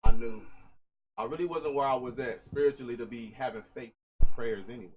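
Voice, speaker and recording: A man shares his thoughts in a casual podcast discussion, earnest and reflective. His pitch sits in the middle range, and his phrases come around again for emphasis. A faint hiss of noise lies under the recording. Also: fast, poor audio. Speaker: podcast host.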